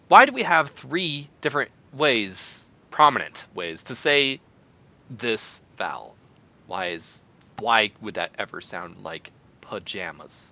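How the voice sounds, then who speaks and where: A man streaming and chatting casually, in an animated, rambling way that often breaks into exclamations. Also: mid-range voice, takes it slowly, no room sound, dull audio.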